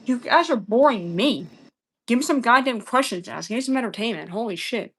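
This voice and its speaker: A woman's voice: a little high, animated, a little fast, slightly rough. A woman arguing with a live chat, combative and exasperated, swearing often and repeating her phrases. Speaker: livestream debater. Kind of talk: heated livestream argument with chat.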